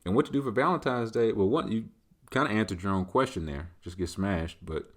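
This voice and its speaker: A man with a lowish voice hosts a laid-back solo show, rambling through listener questions. He drifts between thoughts and leans on conversational tags as he talks it out. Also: fairly quick. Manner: loose, rambling, conversational, leaning on filler tags. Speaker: host. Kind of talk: casual solo Q&A chat.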